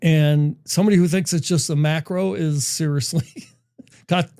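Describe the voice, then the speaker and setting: A middle-aged male guest on a podcast with a fairly high, gravelly voice. He talks eagerly in casual chat, leaning on fillers. The recording is close and dry. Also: steady tone, moderate pace, dark tone, no room sound. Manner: enthusiastic, talks with frequent fillers.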